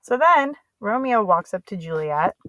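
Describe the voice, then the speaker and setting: A woman's voice: medium pitch, sing-song, unhurried, a bit bright, dry recording, dull audio. A woman teacher giving a casual, chatty lesson summary in slangy everyday speech.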